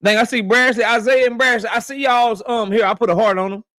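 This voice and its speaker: High-voiced man hosting a slangy live stream. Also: steady tone, a little fast, no echo, studio quality. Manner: loose, slangy shout-outs to viewers. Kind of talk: casual live stream chat.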